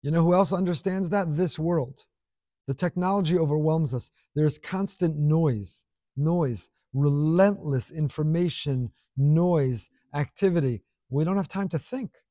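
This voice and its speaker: Man teaching Torah with lively questions. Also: on the high side, measured pace, dry recording, clean studio sound. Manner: expressive, rhetorical questions, acts out quotes; mixes in Hebrew and Yiddish terms. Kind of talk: Torah class lecture.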